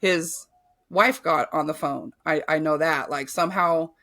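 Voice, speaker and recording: A woman's voice: deep voice, measured pace, bright, forceful tone. A woman guest on a podcast, telling a painful personal story candidly and bluntly, with frequent swearing and filler words.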